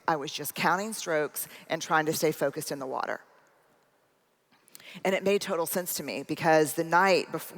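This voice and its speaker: A woman giving a keynote talk, telling a personal story and acting out both sides of a conversation. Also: low-pitched. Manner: animated storyteller acting out dialogue. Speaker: speaker. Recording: long hall reverb.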